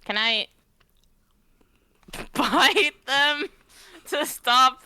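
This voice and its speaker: A woman playing a tabletop game who talks in a halting, giggly way and stumbles over her words. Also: high voice, animated, pushed and bright, slight background noise. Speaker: player.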